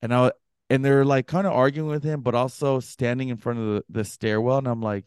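Young man telling an animated story. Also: fairly quick, clear, resonant tone, no echo, studio quality. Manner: animated, acts out quoted voices with pitch jumps. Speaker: podcast co-host. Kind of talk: casual storytelling.

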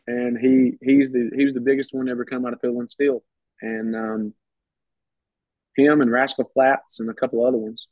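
At a moderate pace with long pauses, the guest's mid-range voice barely moves in pitch. He rambles through stories casually, restarting phrases often; the recording is dry but dull and slightly muffled.

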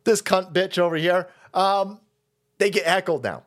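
A man's voice: sits high, a little slow, fairly bright tone. A man hosting a livestream, ranting in a profane, sarcastic way and often laughing. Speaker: livestream host.

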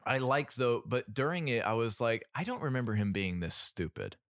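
On a podcast, a male co-host gives a loose, rambling film review packed with fillers, restarts, and frequent laughter. He speaks at a normal speed in an animated, medium-pitched voice with a fairly bright tone, captured as a dry, clean studio recording.

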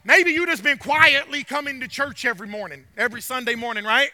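A male pastor preaching a sermon in church, building from conversational talk to loud cries. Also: very high voice, fairly quick. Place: church sanctuary.

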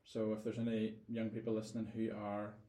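A man's voice: lowish voice, completely flat delivery, brisk, dark tone, echoey room. A man with a Northern Irish accent, a guest telling stories in a casual interview, thoughtful and often repeating words as he gathers his thoughts. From Northern Ireland.

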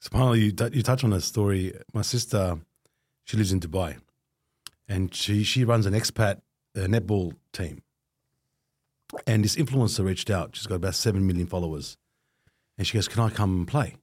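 Husky-voiced podcast host. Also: male voice, deep voice, moderate pace, long pauses, a little mellow, dry recording, clean studio sound. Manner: responsive, frequent short interjections. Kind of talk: casual podcast conversation.

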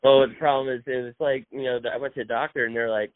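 A man's voice: mid-range voice, steady tone, quick pace. Wry boat captain, man, mid voice, phone-thin audio, short casual replies. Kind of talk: casual chat. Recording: tinny phone-like line.

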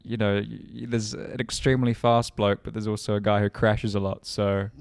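A man's voice: fairly low pitch, flat delivery, brisk, clear, resonant tone, no echo. A young man and racing driver co-hosting a podcast in casual, joking banter. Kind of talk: casual chat.

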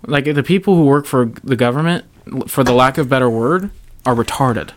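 A man's voice: medium pitch, huge pitch swings, moderate pace, fairly bright tone, slight background noise. A young man, a comedian guest on a podcast, rambling in casual chat and acting out little voices for his bits.

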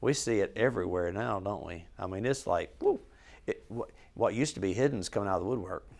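A man's voice: on the low side, fairly quick, gravelly, darkish tone. A man leading an informal Bible study with a small group. He is earnest and emphatic, often quizzes the listeners and restarts his sentences as he goes. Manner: conversational, asks the group questions, frequent restarts.

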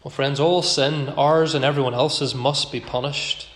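Male pastor, sermon delivery, earnest with slow emphatic phrases; fairly high voice, roomy reverb. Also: fairly even intonation, fairly bright tone. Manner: earnest, slows down to stress key phrases. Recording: echoey hall with long reverb.

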